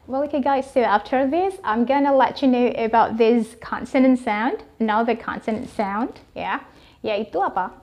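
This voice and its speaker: A woman's voice: fairly high pitch, a little mellow. A young woman with an Indonesian accent teaching English pronunciation in an online lesson, drawing out and repeating example words. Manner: slow, drawn-out example words, repeated for practice.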